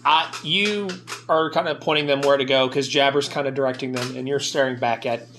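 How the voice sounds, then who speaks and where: A man narrating a tabletop game as game master, animated and quick to laugh and swear at his own slips. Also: medium pitch. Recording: faint buzzing noise.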